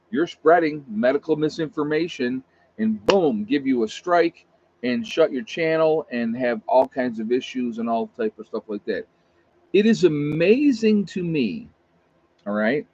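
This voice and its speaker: Blunt male livestream host, mid-pitched, casual emphatic rant, slightly muffled lo-fi sound. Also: darkish tone, slightly rough.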